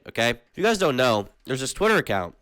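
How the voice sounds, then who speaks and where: A man's voice: medium pitch, very animated, fast talker, a bit bright, smooth. A young man giving a casual, sarcastic commentary monologue as a YouTube creator. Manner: sarcastic, ironic rants.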